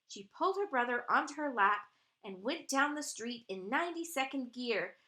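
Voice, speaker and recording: A woman's voice: high voice, lively intonation, normal speed, sharp tone. A woman telling a children's story expressively, drawing out sound effects.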